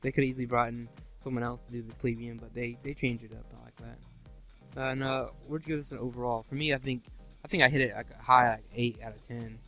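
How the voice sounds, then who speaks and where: Man, co-host of a review show, casual and quick, loose and rambling. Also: mid-range voice, steady tone, creaky, bright, forceful tone, faint music behind. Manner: rambling, many "you know" fillers.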